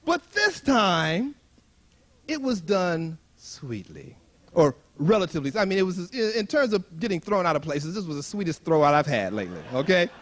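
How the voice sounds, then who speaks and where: Animated high-voiced male storyteller. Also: fairly quick, few pauses. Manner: animated, acts out quoted voices, chuckles often. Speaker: spiritual retreat speaker. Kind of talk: humorous storytelling talk to a live audience.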